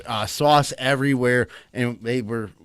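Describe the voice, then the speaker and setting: A man's voice: mid-range voice, fairly even intonation, a little slow, fairly bright tone, clean tone, dry recording, studio quality. A young man, co-hosting a casual podcast and telling profane stories with frequent laughter. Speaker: podcast co-host.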